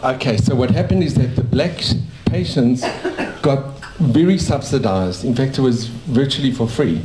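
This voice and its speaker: A man's voice: mid-range voice, lively intonation, normal speed, noisy background. A man in his sixties from South Africa, a dentist telling his life story in a cafe in a rambling, anecdotal way. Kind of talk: casual storytelling to a small audience. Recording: echoey cafe room.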